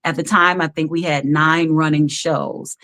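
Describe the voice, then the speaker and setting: A woman guest on a live-streamed video call, telling stories animatedly with frequent laughs and fillers. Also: sits low. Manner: animated storyteller, quick to laugh, many fillers. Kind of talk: casual interview over a live stream.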